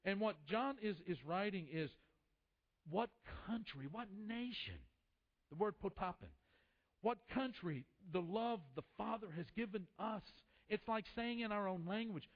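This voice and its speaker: A man in his fifties preaching a sermon, impassioned, swinging from loud peaks down to a hush. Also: high voice, animated, unhurried, highs cut off. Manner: impassioned, rising then dropping to a hush. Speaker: pastor.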